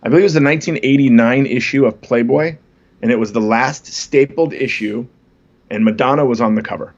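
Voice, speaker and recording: A man's voice: mid-range voice, brisk, highs cut off. A man in his fifties, a comedian guest, chatting casually on a podcast and telling stories with self-deprecating jokes. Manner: laid-back storytelling, self-deprecating jokes.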